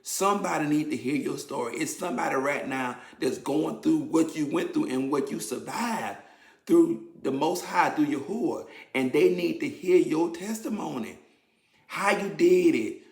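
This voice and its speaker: A man talking candidly to his viewers about a personal struggle, emotional and shifting from quiet to animated. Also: fairly high pitch, moderate pace, gravelly. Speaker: vlogger sharing his testimony. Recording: roomy echo.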